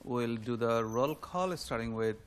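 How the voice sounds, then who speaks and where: A man runs a city council meeting in a brisk, procedural way. His voice sits in the middle range. A faint background noise is there. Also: medium pitch, expressive. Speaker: mayor chairing council meeting. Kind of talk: formal meeting chairing. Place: council chamber.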